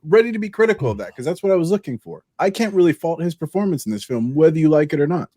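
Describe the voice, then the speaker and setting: A man's voice: on the high side, big pitch swings, dark tone, no room sound. Friendly man hosting a film debate. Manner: friendly, measured, laughs easily. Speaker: host. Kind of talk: casual debate chat.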